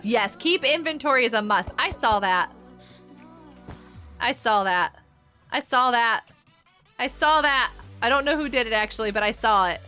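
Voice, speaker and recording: A woman's voice: high-pitched, sharp tone. A woman hosting her own game server on a live stream, chatting casually with viewers, bubbly and giggly, reading their messages aloud.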